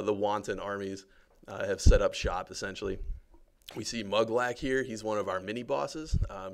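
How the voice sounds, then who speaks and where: A man with a deep, gravelly voice gives a casual livestream tour of a game. He talks in a relaxed, joking way, full of fillers and asides to his viewers. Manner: relaxed, chatty, lots of fillers and jokes.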